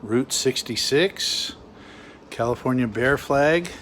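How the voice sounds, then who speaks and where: A man's voice: mid-range voice, takes it slowly, a bit bright, slight background noise. A man hosting a casual walking vlog outdoors along a waterfront, giving chatty, joking tour-guide commentary. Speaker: vlog host.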